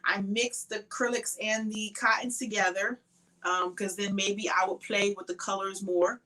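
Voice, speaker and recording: A woman's voice: medium pitch, flat delivery, moderate pace, pushed and bright, low-quality recording. A woman hosting a casual crochet livestream from her home craft shed, chatting to viewers by name, tired and sleepy, with frequent ums.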